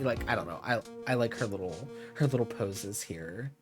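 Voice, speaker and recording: A man's voice: mid-range voice, animated, fairly quick, hardly any pauses. A male streamer chatting and reacting with amusement while playing a game, laughing often. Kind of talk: casual gameplay commentary. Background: game music.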